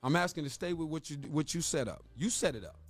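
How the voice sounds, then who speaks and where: A man's voice: a little high, lively intonation, fast, faint music behind. A man co-hosting a morning radio talk show, arguing his point with emphatic rhetorical questions. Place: radio studio.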